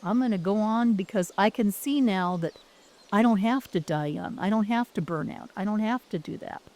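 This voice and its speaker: A man's voice: high-pitched, normal speed, a little mellow. A woman retelling a tearful, earnest teenage boy. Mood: resolved. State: crying.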